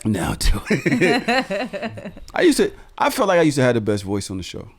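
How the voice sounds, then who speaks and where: A man hosting a podcast, talking in lively, joking banter. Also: mid-range voice, very fast. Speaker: podcast host. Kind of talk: casual chat.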